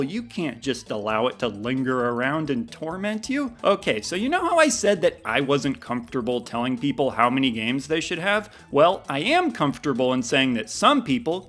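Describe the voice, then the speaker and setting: A man's voice: fairly high pitch, fairly bright tone. A man hosting a gaming video, delivering scripted commentary in a wry, playful, emphatic way.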